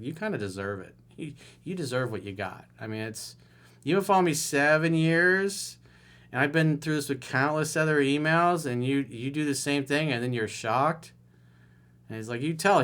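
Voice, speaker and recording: A middle-aged male relationship coach with a mid-range, slightly bright voice reads a viewer's email aloud in a solo video commentary. He answers it with blunt, mocking sarcasm.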